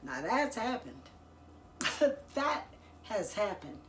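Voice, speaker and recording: A woman's voice: mid-range voice, slow, background noise. Chatty slangy woman in an echoey room. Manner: chatty, slangy, expressive, laughs often. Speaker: entrepreneur giving business advice. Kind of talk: casual talk to camera.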